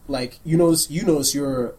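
A man's voice: fairly high pitch, moderate pace, a little mellow, low-quality recording. A man running a tabletop game as game master, rambling loosely with lots of fillers.

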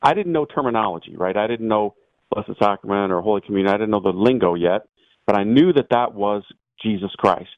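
A man, a priest guest on a radio show, telling a personal story as an animated storyteller who acts out the people in it. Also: lowish voice, brisk, dry recording. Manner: animated storyteller, voices the people in his tale. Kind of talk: storytelling testimony. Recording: tinny dry phone line.

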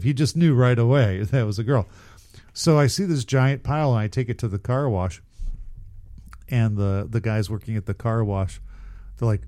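A man's voice: medium pitch, normal speed, warm tone. A man casually telling a rambling, profane story on a podcast, often laughing at himself. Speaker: podcast co-host.

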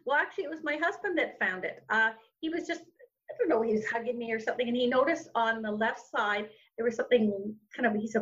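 A woman's voice: a little high, brisk, fairly bright tone. Middle-aged woman, dull lo-fi sound. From Canada. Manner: earnest, rambling with many restarts. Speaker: guest. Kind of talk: podcast interview storytelling.

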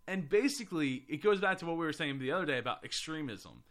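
A man's voice: a little high, expressive, fast talker, a bit bright. A man hosting a podcast in casual chat, rambling with fillers and restarts. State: voice getting hoarse. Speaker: podcast host.

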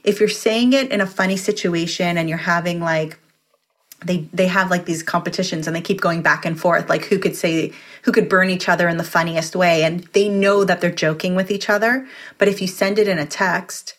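A woman's voice: lowish voice, normal speed, fairly bright tone. A woman in her forties, a podcast guest, talking earnestly in casual conversation and giving advice with frequent restarts.

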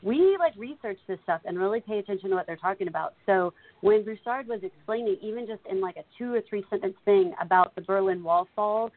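A woman's voice: medium pitch, brisk, few pauses. A woman co-hosting a podcast, chatting enthusiastically about a TV episode and laughing easily. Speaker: podcast co-host. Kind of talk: casual TV recap chat. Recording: phone-like narrow audio.

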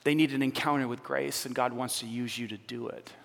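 A man preaching a sermon as pastor, animated and conversational with a teasing edge. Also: medium pitch, fairly quick, gravelly. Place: church. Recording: reverberant church hall.

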